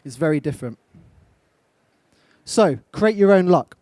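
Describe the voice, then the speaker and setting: Young english guy giving a pep talk on stage, bit high voice, dry sound, keeps asking the crowd stuff. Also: animated, unhurried, darkish tone, no echo. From England. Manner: direct, coaching, asks the audience questions. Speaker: motivational speaker. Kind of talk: live motivational talk to a young audience. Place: event stage.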